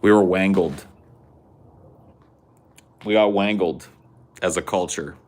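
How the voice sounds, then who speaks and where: Slow, deep-voiced profane podcast man. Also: a little mellow. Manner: profane, jokey, laughs often. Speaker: podcast host. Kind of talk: casual podcast chat.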